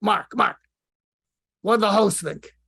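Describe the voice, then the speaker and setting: A man putting on the voice of an impatient, gruff old man with a Brooklyn accent, scolding loudly. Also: sits high, slow, pitched above the performer's own voice, exaggerated voice. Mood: exasperated. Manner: exasperated, scolding, loud.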